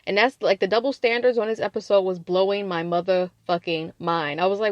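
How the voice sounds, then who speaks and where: A woman hosting a casual podcast that recaps a reality show, blunt and profane, animated, laughing in bursts. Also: medium pitch, a little fast, few pauses, no echo, muffled recording.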